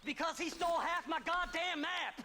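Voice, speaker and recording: An actor playing a half-mad older male grave robber in a video game, gravelly and manic, with sudden swings in tone. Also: extremely high pitch, moderate pace, heavy background noise. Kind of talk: video game cutscene acting. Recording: game audio with loud insect ambience.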